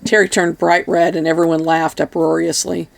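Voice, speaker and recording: A woman reading an audiobook in a steady, even narration. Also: deep voice, moderate pace, gravelly. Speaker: audiobook reader.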